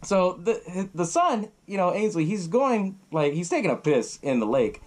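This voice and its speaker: A podcast host, a man, retelling a horror film in a loose, profane way and laughing often. His pitch jumps around a lot as he narrates. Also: sing-song, normal speed, few pauses. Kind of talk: casual film recap.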